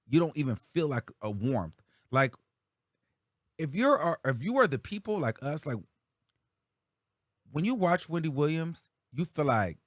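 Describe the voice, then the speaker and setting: A man's voice: medium pitch, dry recording, clean studio sound. A man hosting a commentary show, talking casually in a chatty, slangy way.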